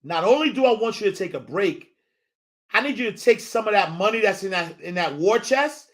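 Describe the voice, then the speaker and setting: A man putting on a low, hushed God who scolds him in mock-stern slang. The figure is all-knowing and amused, and he speaks quietly but sharply to a wayward follower. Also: lively intonation, brisk. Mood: insistent.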